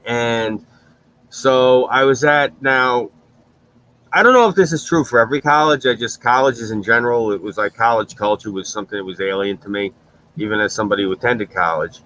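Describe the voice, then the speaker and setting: A man's voice: medium pitch, a little fast, fairly bright tone, poor audio. A man in casual chat, telling blunt, profane stories on a stream.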